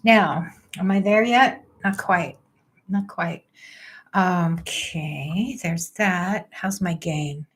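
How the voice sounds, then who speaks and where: A woman's voice: fairly low pitch, slow. An older woman astrologer chatting casually on a livestream, thinking aloud and joking about her trouble with the technology.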